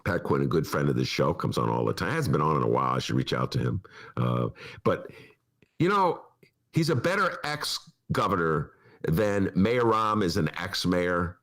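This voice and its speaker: Man, talk show host, low voice, lively swings, rambling, laughs a lot. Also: normal speed. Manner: animated, rambling, laughs often. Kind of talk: casual political talk.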